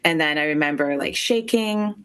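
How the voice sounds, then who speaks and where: A woman telling a painful personal story as an interview guest, halting and emotional, with many filler words. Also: deep voice, animated, a bit bright, clean tone.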